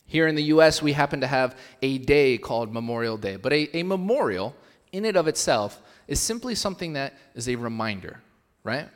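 A man's voice: mid-range voice, lively intonation, brisk. A young man preaching a sermon as pastor, speaking in a casual style with fillers and lifting his voice to stress the scripture he reads. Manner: conversational, with fillers, rising emphasis when reading scripture. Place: church hall. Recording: long reverb of a church hall.

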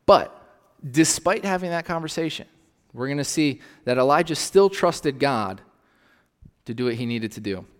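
A man's voice: mid-range voice, expressive, normal speed, big-room sound. A male pastor preaching in a conversational way, often checking in with his congregation. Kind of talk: sermon.

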